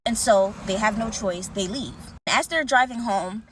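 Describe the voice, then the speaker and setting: A woman's voice: medium pitch, moderate pace, hardly any pauses, fairly bright tone, slight background noise. A woman telling a scary story in a casual, chatty way, talking straight to her viewers and acting out what each person says. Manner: chatty, addresses the audience directly, acts out the characters' lines.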